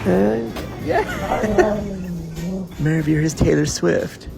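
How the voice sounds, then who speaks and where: A woman's voice: on the low side, very slow, creaky. A woman casually chatting to her pet cat in a playful, teasing baby-talk way. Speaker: cat owner. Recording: music playing behind the voice.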